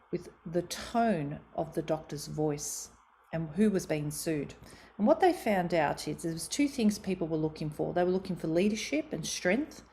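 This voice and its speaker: A woman's voice: fairly low pitch, mellow, a little hiss or hum. A middle-aged Australian woman giving a motivational talk on communication, acting out quoted voices with expression. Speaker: speaker on communication.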